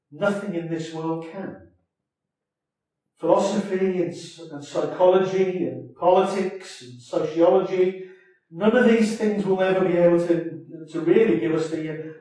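A man's voice: on the high side, dark tone, recorded from a distance. A man preaching a sermon in a conversational way, often adding tag questions and restarting his phrases. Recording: echoey hall, voice from off mic.

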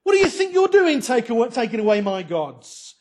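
A man's voice: very high-pitched, sing-song, brisk, voice pushed up, heavily acted. A man voicing a distraught biblical man who pleads indignantly over his stolen idols. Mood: indignant pleading.

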